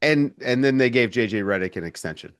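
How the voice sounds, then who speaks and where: Podcast cohost guy, mid voice that jumps around a lot, halting casual talk, dry sound. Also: medium pitch, animated, fairly bright tone, no room sound. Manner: halting, lots of fillers and restarts, chuckling reactions. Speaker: podcast co-host. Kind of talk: casual sports chat.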